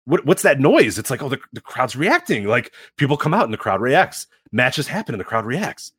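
A man co-hosting a podcast in casual chat, telling rambling, animated stories full of fillers. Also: medium pitch, normal speed, husky, dry recording, clean studio sound. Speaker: podcast co-host.

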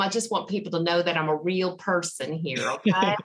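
A woman's voice: on the low side, a little fast. Chatty Southern woman telling stories. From Georgia, US. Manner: chatty storyteller, laughs often. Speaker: podcast guest. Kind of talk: casual interview chat.

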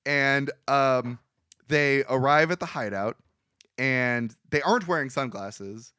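A man hosting a podcast, casually recapping a movie with frequent laughter and lively put-on quotes. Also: medium pitch, takes it slowly, clear, resonant tone, no room sound, studio quality. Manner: laughs often, animated retelling with put-on quotes. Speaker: podcast host.

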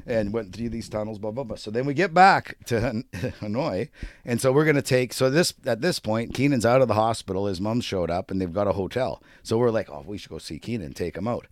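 A man co-hosting a podcast, telling a travel story in casual chat, profane and animated. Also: on the low side, brisk, no room sound. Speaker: podcast co-host.

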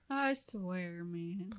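A woman's voice: lowish voice, lively intonation, very slow, a crowd in the background. A woman co-hosting a podcast, bantering casually, laughing a lot and arguing back. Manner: laughs a lot, argues back with repeated no's. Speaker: podcast co-host.

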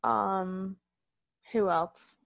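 A woman's voice: mid-range voice, steady tone, very slow, creaky, no room sound. A tired, ill woman co-hosting a casual wrestling podcast, ranting heatedly and swearing a lot. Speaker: podcast co-host.

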